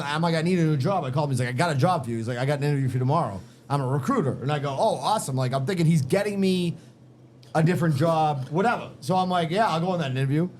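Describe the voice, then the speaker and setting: Fast-talking Boston man spinning yarns. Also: a little high, a little mellow, slight background noise. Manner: profane, emphatic, street-smart. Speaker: podcast guest. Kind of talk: casual storytelling chat. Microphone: podcast microphone in a garage.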